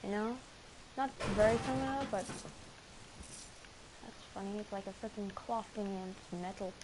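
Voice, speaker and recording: A woman's voice: mid-range voice, moderate pace. A woman rambling through casual gameplay commentary, self-mocking and full of fillers and restarts. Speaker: gamer streaming a match. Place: home, indoors. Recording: clear background noise.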